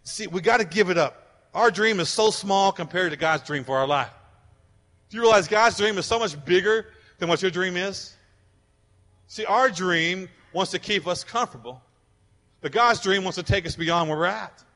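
High-voiced, bright-toned preaching man in a hall. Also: moderate pace. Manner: fervent preaching, rising to loud declarations. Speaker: pastor. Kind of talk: sermon. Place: church sanctuary. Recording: long reverb of a large hall.

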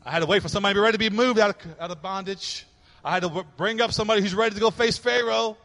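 A man preaching a sermon as pastor, with impassioned delivery that swings between hushed and loud. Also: high voice, rapid-fire, gravelly, in a large hall.

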